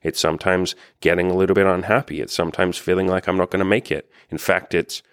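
A man with a low, deep voice talks straight to the listener like a coach, blunt and encouraging, with the odd swear word dropped in. The recording is close and dry with no room sound. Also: level tone, fast talker, no room sound. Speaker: dating and life coach. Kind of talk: casual self-help monologue.

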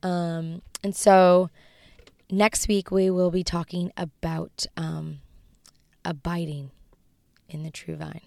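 A woman hosts a devotional show, teaching and leading spoken prayer. Her voice is raspy and low-pitched, and she speaks gently, often falling to a whisper. The sound is close and dry, with no room around it. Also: flat delivery, slow pace, long pauses, no echo. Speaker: podcast host.

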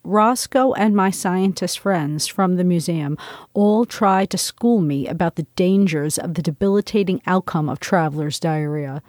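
A woman's voice: medium pitch, a little mellow, no room sound, clean studio sound. Intense woman reading her memoir. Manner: intense, dramatic storytelling. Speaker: memoir narrator. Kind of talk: first-person memoir reading.

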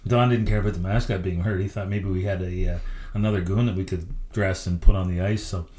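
A middle-aged man, a hockey coach, telling stories as a guest in an interview with a lively, anecdotal delivery. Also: low voice, quick pace, reverberant. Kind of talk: storytelling interview.

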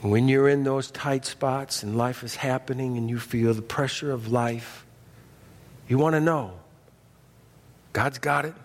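A man preaching a sermon as pastor, folksy and animated, dropping from loud emphasis to hushed intensity. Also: medium pitch, unhurried, pauses often, in a large hall. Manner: folksy, humorous asides.

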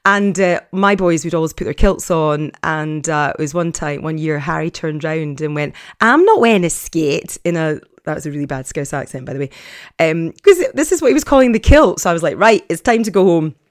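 A woman's voice: low-pitched, brisk, no echo, clean studio sound. A woman in her late forties or fifties, a former TV presenter, chatting openly about her life with lots of fillers and restarts. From Scotland. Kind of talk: personal storytelling to camera.

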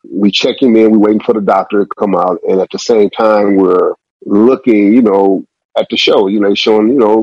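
Gravelly husky man. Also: fairly low pitch, a little mellow, dry recording. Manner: rambling, profane street storytelling. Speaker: guest. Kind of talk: storytelling interview. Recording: dull lo-fi sound.

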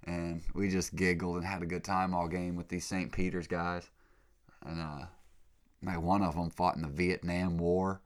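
A young man with a very deep voice hosts a laid-back podcast monologue. He sounds congested from being sick. He rambles excitably and leans on slang fillers. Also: moderate pace. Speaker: podcast host. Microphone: podcast mic.

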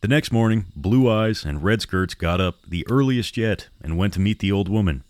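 Male horror-podcast narrator; deep, measured delivery, dry and close. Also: lively intonation, a little mellow, no echo.

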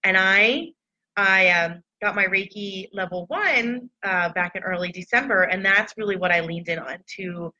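Speaking at normal speed and medium pitch, a woman with a bright, forceful voice shares personal reflections candidly and loosely with her followers. The recording is dull and lo-fi.

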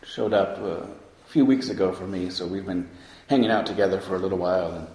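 A man teaching as a meditation teacher, giving a dharma talk in a slow, reflective way, pausing often with soft fillers. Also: low voice. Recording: roomy hall with long reverb.

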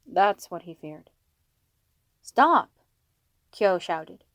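A woman's voice: mid-range voice, normal speed, no echo. A woman reading a fan fiction story aloud, voicing the dialogue with small shifts for each character. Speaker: fanfiction reader. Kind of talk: audiobook-style story narration.

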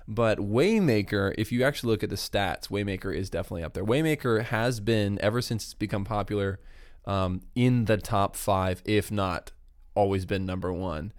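A man's voice: on the low side, moderate pace, dry recording, clean studio sound. A man hosting a casual discussion about worship songs, chatty with frequent restarts. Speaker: worship podcast host.

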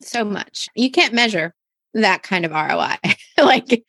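A woman's voice: mid-range voice, expressive, unhurried, gravelly, bright, forceful tone, no room sound. A woman hosting a faith-based business podcast, speaking earnestly and from the heart, often restarting her sentences. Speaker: podcast host.

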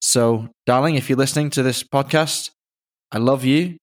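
A man's voice: mid-range voice, normal speed. A man with an English accent hosting a podcast, joking in a dry, self-mocking way. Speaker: podcast host. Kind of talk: casual podcast banter.

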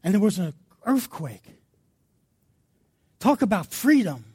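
Male pastor, very high voice, slow and fervent sermon delivery, from hushed to loud. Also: big pitch swings, slightly rough. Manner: impassioned preaching that swings between hushed and loud.

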